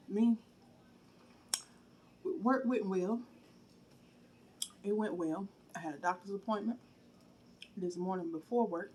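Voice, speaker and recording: A woman hosts her own eating video, talking easily to the people watching and breaking off to chew and let out approving hums. Her voice sits at an ordinary middle pitch. A faint ambient hiss sits behind her. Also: warm tone. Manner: chatty, talks straight to viewers, pauses to chew and hum. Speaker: mukbang host. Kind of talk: casual chat while eating on camera.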